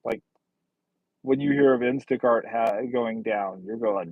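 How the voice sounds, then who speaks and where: Male stream host, sardonic and chatty, flat dry lo-fi sound. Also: fairly low pitch, a little slow, dry recording. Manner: blunt, sardonic, rambling. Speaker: livestream host. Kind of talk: casual livestream chat reading comments.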